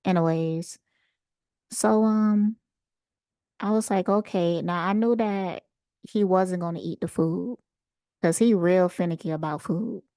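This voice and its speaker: A woman host casually telling a personal story in an unhurried, animated way. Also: on the low side, smooth, no room sound, clean studio sound. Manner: unhurried, conversational, animated retelling. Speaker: channel host.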